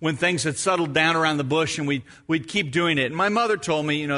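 A middle-aged pastor preaches while weaving in a personal story, acting out his own moments in an animated way. His voice is high for a man, bright and forward, and he speaks a little fast with few pauses.

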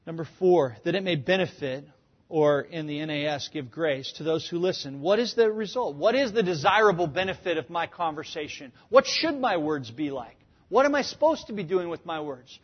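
A man preaching a sermon as a pastor, asking rhetorical questions and pushing up to a shout for emphasis. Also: on the high side, lively intonation, normal speed, slightly rough. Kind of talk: sermon teaching. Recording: dull lo-fi recording.

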